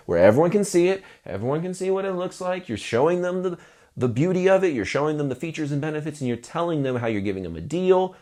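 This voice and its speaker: This man talks quickly as he coaches musicians on the business side, delivering casual advice straight to camera. Playful and animated, he performs pretend sales pitches.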